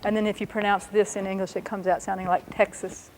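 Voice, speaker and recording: A woman teaching a language lesson, explaining patiently and sounding out words slowly and carefully. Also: medium pitch, flat delivery, a little mellow.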